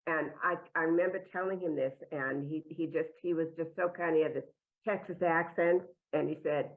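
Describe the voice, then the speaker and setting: A woman's voice: low voice, fairly even intonation, a little fast. A woman telling a meandering, self-deprecating personal story to a live audience. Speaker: improv performer telling a story. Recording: tinny, phone-like sound.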